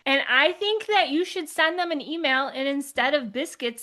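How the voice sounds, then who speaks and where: A woman co-hosting a casual podcast with a high, bright voice. She talks boldly and teases her co-host with enthusiasm. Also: moderate pace. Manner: bold, teasing, enthusiastic. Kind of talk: casual chat.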